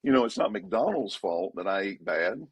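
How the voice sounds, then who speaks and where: A pastor talks in a casual podcast conversation, repeating himself emphatically, his pitch jumping up whenever he drives a point home. His husky voice has lively intonation and a moderate pace.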